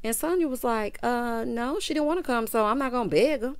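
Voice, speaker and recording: Woman in her 50s doing a sassy reality show recap, kinda high voice, super dry close mic. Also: clean tone, no echo. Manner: sassy, animated, drawn-out teasing. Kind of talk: casual recap commentary.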